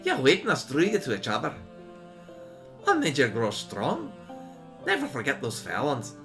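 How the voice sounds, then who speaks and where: A man's voice: medium pitch, wildly swooping pitch, moderate pace, a bit bright, soft background music. A man doing a Scottish-accented earnest speaker. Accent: put-on Scottish.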